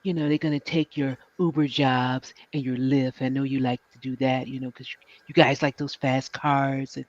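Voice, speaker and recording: A man's voice: mid-range voice, level tone, moderate pace, hardly any pauses, no echo, lightly acted. A man doing a comedic impression of an evasive, boastful former president who rambles and dodges questions. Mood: smug. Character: boastful evasive male ex-president, middle-aged. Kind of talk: comedic political impression on a livestream. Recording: dry, dull lo-fi stream audio.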